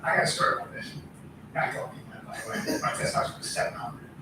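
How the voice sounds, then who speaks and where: A middle-aged man co-hosting a podcast, telling animated stories in casual, swearing chat. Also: fast talker, recorded from a distance, background noise. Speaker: podcast co-host. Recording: echoey room from off-mic.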